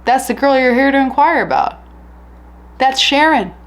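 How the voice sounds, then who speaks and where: A bragging older male convict speaks bluntly and matter-of-factly, quoted by a woman in her own voice. The lines come slightly raised in pitch within a casual true crime retelling. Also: lively intonation, moderate pace.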